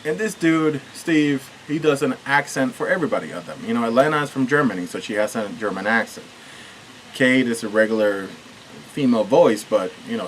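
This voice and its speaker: A man's voice: medium pitch, a little fast, a little hiss or hum, poor audio. Rambling, earnest man from Puerto Rico. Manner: rambling, earnest, with many restarts and fillers. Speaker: author. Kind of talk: casual behind-the-scenes talk.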